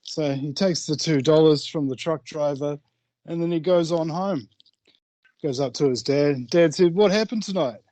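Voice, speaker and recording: A man telling a long joke on an online call, pausing often with fillers. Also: a little high, steady tone, warm tone, no room sound. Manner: rambling storyteller, many "uh" fillers. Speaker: caller in an online hangout.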